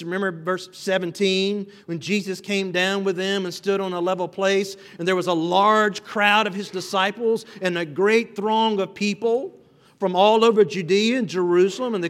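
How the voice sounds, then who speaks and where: A man's voice: high voice, a bit bright. A man preaching an expository sermon as pastor, earnest and building emphasis on repeated phrases. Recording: long reverb of a hall.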